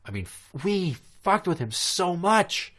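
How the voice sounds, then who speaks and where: A man's voice: high voice, very animated, unhurried, a bit bright. A man from Minnesota hosting a podcast, telling stories in a crude, profane, casual way and laughing at his own jokes. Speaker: podcast host. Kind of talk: casual storytelling chat.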